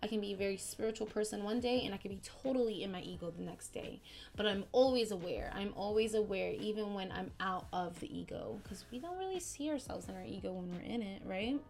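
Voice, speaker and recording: A woman hosting a spiritual podcast, talking in a casual, slangy, animated way that swings between excited outbursts and softer, quieter stretches. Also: medium pitch, fast talker, gravelly, few pauses. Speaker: podcast host.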